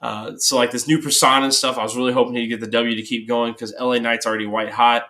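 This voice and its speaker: A man with a bright, edgy voice co-hosts a relaxed wrestling recap show. He gives his opinions in an easygoing, plainspoken way. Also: medium pitch, quick pace. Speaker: podcast co-host. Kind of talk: casual wrestling recap chat.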